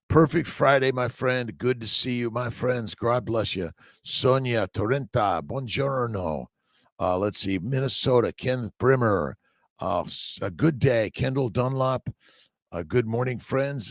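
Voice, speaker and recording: A man hosting a casual morning livestream, greeting viewers by name and reading their names aloud haltingly as he rambles in an upbeat way. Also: fairly low pitch, creaky, no room sound, studio quality.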